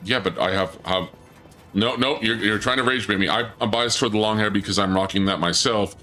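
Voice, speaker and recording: A man with a fairly low voice streams a video game, talking a little fast over soft background music. In a casual let's play chat he playfully reads his viewers' messages aloud and bursts into excited shouts.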